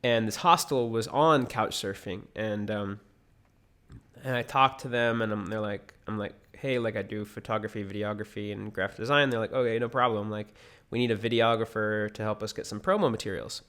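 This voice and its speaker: A man's voice: on the low side, steady tone, fairly quick, a bit bright. Rambling young man telling his story. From United States. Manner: rambling with many fillers and restarts. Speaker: vlogger. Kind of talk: casual storytelling.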